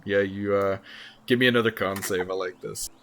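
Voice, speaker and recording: A man's voice: lowish voice, fairly even intonation, moderate pace, a bit bright, a little hiss or hum. A man running a tabletop game as dungeon master, laughing often in casual talk.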